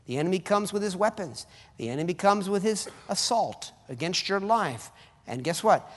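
Pastor, male, fervent preacher with a high, swooping voice; reverberant hall sound. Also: lively intonation, moderate pace. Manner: preaching with sudden rises and drops in force. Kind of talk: sermon.

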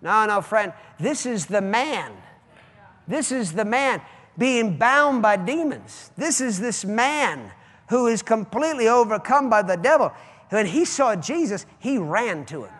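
High-voiced preacher in a reverberant church. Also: male voice, big pitch swings, a little slow. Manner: preaching with sudden loud, high outbursts and quieter asides. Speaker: pastor. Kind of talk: fiery sermon. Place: church sanctuary. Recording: long church-hall reverb.

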